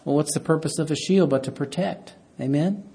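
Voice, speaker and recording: A pastor preaching a sermon, reading scripture aloud and rising loud on key words. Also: male voice, on the high side, fairly quick, husky.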